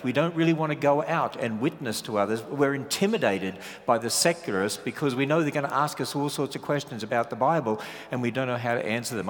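A man with an Australian accent, a guest speaker preaching a sermon, animated and full of rhetorical questions and joking asides. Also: medium pitch. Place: large church hall. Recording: long hall reverb.

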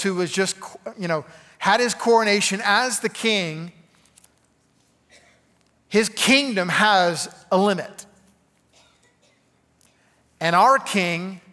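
Man preaching, chatty sermon, slightly high voice, long reverb. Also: takes it slowly, long pauses, bright, forceful tone. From Arkansas. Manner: conversational, chatty, with many "okay?" asides. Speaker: pastor.

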